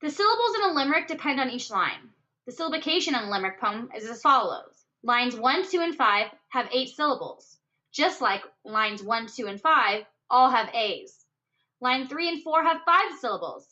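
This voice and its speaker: A woman explaining a poetry lesson in an upbeat way, counting out syllables slowly and stressing each word. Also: high voice, lively intonation, pushed and bright. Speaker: teacher. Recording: dull lo-fi recording.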